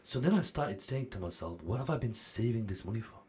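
A man making a charity appeal on TV. He swings between loud, pressing urging and hushed, intimate storytelling. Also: lowish voice, animated, a little fast, slight background noise. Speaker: charity fundraiser. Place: TV studio.

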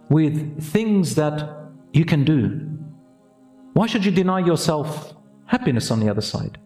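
Earnest male preacher with a raised pitch. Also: darkish tone, roomy sound. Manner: earnest, exhorting, mixes Arabic phrases. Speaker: imam giving a talk. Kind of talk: radio sermon.

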